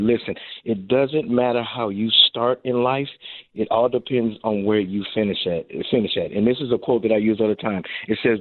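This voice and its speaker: Animated man on a tinny phone line. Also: fairly low pitch, no room sound. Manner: animated storyteller, acts out quotes. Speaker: guest, former NFL receiver and coach. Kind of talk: casual radio interview.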